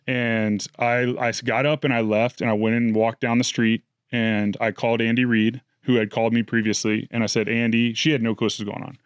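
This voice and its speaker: A man in his thirties recounts his story with earnest, reflective feeling. His voice is smooth and clear, and the recording is dry and close with no room sound. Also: mid-range voice, flat delivery, a little fast, few pauses, no room sound. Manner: earnest, reflective, emotional retelling. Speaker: interview guest. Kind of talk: candid storytelling.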